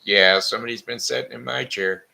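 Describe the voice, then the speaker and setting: A man voicing an excitable little male baby bear in a storybook reading, with high, squealing complaints. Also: brisk, creaky, exaggerated voice. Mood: indignant.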